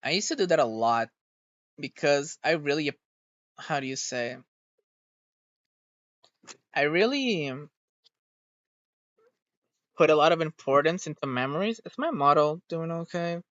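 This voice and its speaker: A VTuber streamer chatting casually in a rambling way, swearing freely and getting irritated quickly. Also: mid-range voice, expressive, a bit bright, dry recording. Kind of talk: casual stream reaction chat. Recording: dull, dry home recording.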